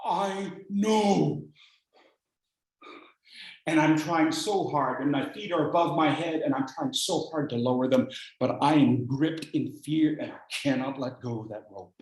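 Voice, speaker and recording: A speech contest speaker telling a dramatic personal story, acting out scenes and swinging between hushed lines and shouts. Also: medium pitch, a little slow. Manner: animated, acts out scenes, shifts from hushed to shouting. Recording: roomy echo.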